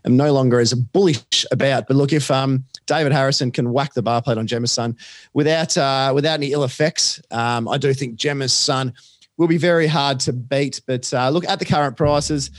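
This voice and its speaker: A man's voice: mid-range voice, fairly even intonation, dry recording. Aussie guy talking racing form, lots of ums and restarts, dry close mic. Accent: Australian. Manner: chatty, quick, lots of fillers and restarts. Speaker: racing podcast tipster. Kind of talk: casual racing chat.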